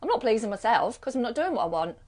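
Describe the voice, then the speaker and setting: A woman's voice: on the high side, sing-song, fast, a little mellow. Chatty British woman, rambling. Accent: British English. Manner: rambling, chatty, piles up rhetorical questions. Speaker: live-stream host and card reader. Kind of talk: casual chat.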